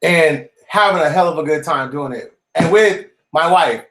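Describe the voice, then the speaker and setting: A man's voice: a little high, moderate pace. Upbeat guy hosting a live stream, slangy, talks right to the chat, echoey room. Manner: animated, slangy, addresses viewers directly. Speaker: host of a live-streamed channel.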